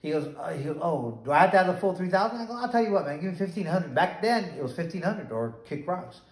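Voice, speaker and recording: A middle-aged man, a former boxer, tells a rambling anecdote and acts out the dialogue. His voice sits a touch high. The room echoes around him. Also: big pitch swings, fast talker. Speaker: former boxer, bail bondsman. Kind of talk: casual storytelling interview.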